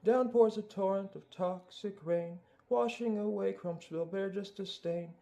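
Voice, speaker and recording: A man's voice: high voice, unhurried, vocal fry, warm tone. A man voicing a swaggering male cartoon bear, rapping and singing in a put-on accent. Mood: brooding. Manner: rhythmic rap delivery in a put-on accent. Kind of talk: sung and rapped musical number.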